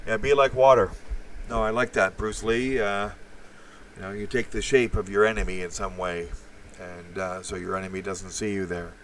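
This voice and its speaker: A man's voice: sits low, fairly even intonation, moderate pace, far from the mic, slight background noise, rough recording. A man hosting a live stream, rambling profanely with many fillers and restarts while reacting to chat.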